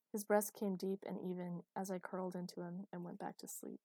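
A woman narrating a first-person romance audiobook with steady, intimate storytelling. Her voice is low-pitched and mellow rather than bright. The recording is close and dry, with no room sound. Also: a little fast, few pauses, no echo.

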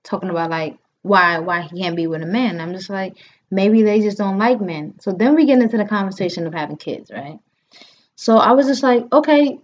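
A mid-range female voice, a little fast, belongs to a podcast host in her thirties sharing a story casually. She's animated, voicing the quotes of those in it and dropping frequent fillers, all in dull lo-fi sound.

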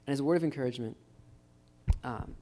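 At a church gathering with faint live guitar behind him, a man preaches a casual, encouraging sermon. His mid-range voice is warm and quick, and he keeps his tone informal, calling his listeners "guys" again and again.

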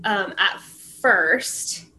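A woman's voice: mid-range voice, very slow, sharp tone, a little hiss or hum. A young woman chatting casually with her sister, teasing and talkative. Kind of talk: casual chat.

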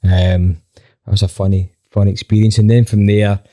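A man, a band member telling a story in a casual chat, animated and full of restarts. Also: on the low side, moderate pace.

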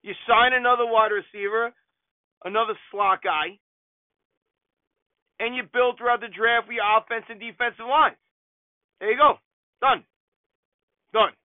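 A man with a very high voice delivers an opinionated sports podcast rant, hammering his points home by saying them twice. The recording is dry and narrow, like it's coming over a phone line. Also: moderate pace, long pauses, no room sound. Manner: animated, opinionated, repeats himself for emphasis. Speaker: podcast host. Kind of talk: sports talk monologue. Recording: dry, tinny phone-like sound.

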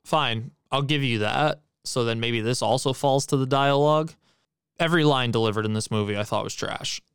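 A man's voice: medium pitch, moderate pace, smooth, dry recording, clean studio sound. A man co-hosting a podcast, giving a blunt, profane, emphatic movie critique in casual chat. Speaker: podcast co-host.

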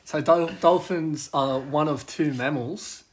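A man's voice: a little high, slow pace. A man, co-hosting a podcast in casual chat and laughing often. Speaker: podcast co-host.

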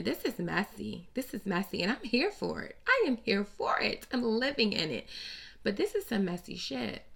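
With a mid-range, gravelly voice tinged with fry, this female host dishes celebrity gossip off the cuff. Her manner is sassy, blunt, and profane, delivered with animated bounce.

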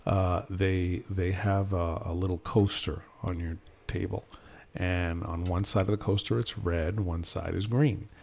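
Gravelly man telling a lively story. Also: deep voice, measured pace. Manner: animated storyteller, acts out quotes, many fillers. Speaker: podcast host. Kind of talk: casual chat.

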